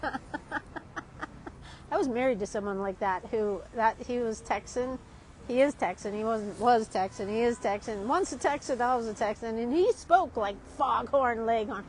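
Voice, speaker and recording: A woman's voice: a little high, normal speed, a little hiss or hum, poor audio. A woman talking casually and rambling while she sits at an outdoor café, often tagging her sentences with "right?". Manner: chatty, rambling, often adds "right?", laughs a lot. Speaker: art teacher vlogging. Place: outdoor street café in a city. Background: street ambience.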